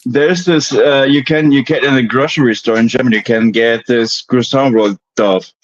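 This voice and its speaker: A man's voice: medium pitch, steady tone, moderate pace. A man chatting casually on a live stream panel from home, rambling with lots of fillers and restarts. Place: home in Germany. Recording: dull lo-fi stream audio.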